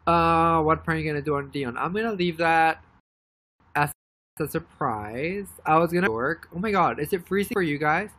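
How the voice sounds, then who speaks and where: A young woman chatting casually on a live stream, rambling and excitedly thanking viewers by name. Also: low voice, moderate pace. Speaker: livestreamer.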